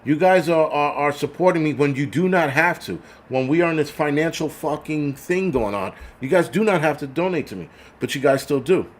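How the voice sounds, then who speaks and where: A livestream host with a brisk voice on the high side rants bluntly, swearing heavily and restarting his sentences over and over while thanking viewers for donations.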